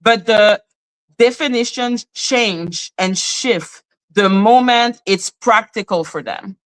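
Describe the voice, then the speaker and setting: A livestream host in Canada delivers heated commentary, ranting indignantly in blunt, profane language and going back over her points again and again. Her voice is medium-pitched and her pace is slow.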